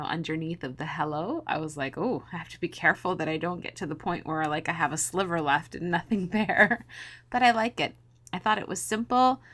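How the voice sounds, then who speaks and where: A chatty woman in her thirties talks viewers through her scrapbooking in a low, just-woke-up morning voice. She rambles happily through asides and laughs easily, keeping things casual and upbeat. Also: fairly bright tone. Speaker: scrapbooking video host. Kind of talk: casual chat to viewers while crafting.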